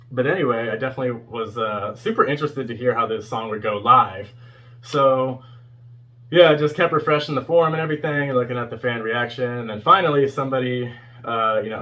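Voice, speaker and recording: Bright-voiced young man rambling casually. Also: mid-range voice. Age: 20s. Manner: rambling, heavy with fillers and chuckles. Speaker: fan video host reviewing a concert performance. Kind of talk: casual spoken review.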